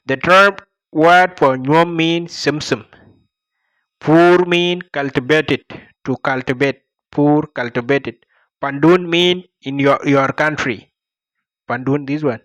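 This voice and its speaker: A man's voice: a little high, fairly bright tone, dry recording. A man with a Dinka accent teaching a language lesson, repeating each phrase and explaining it word by word.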